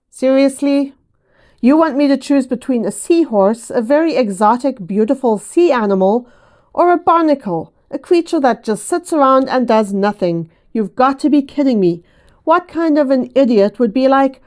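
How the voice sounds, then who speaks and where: A woman hosting a reaction video, reading and commenting with wry, amused, deadpan asides. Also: a little high, normal speed. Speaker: host of a writing channel.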